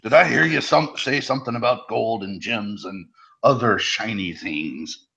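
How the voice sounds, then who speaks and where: A man's voice: lowish voice, measured pace, creaky, sharp tone, husky, exaggerated voice. A man playing a tipsy, forgetful treasure hunter. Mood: boozy eager. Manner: fumbling, trails off mid-sentence. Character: tipsy forgetful male adventurer, greedy for shiny loot. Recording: dull, lo-fi with faint noise.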